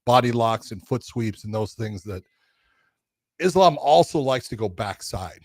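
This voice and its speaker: An older man co-hosting a podcast who tells stories in a casual, animated way, swearing now and then and acting out the voices of the people he quotes. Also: medium pitch, measured pace, no room sound, studio quality. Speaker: podcast co-host, former referee. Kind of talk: casual storytelling chat.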